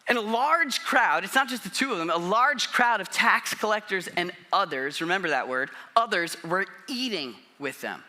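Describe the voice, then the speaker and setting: A man's voice: high-pitched, lively intonation, moderate pace, hardly any pauses, pushed and bright. A man preaching a sermon in a casual, conversational way, often acting out quotes. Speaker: pastor.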